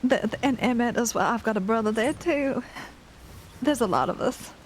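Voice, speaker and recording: A woman in relaxed in-character western roleplay, chatty and self-deprecating, often laughing. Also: a little high, normal speed, a little hiss or hum, rough recording.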